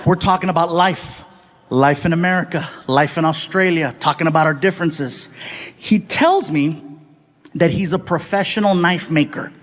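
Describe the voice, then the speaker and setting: A man performing stand-up comedy, telling stories in an animated way and acting out the people in them. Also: fairly high pitch, moderate pace. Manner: animated, acts out voices and shouts. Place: comedy stage before a live audience.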